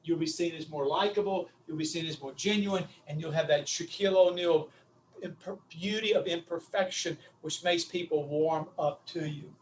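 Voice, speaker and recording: A man's voice: a little high, moderate pace, far from the mic, slight background noise. A middle-aged man, coaching on public speaking in an emphatic, repetitive, punchy style over a video call. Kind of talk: animated coaching talk.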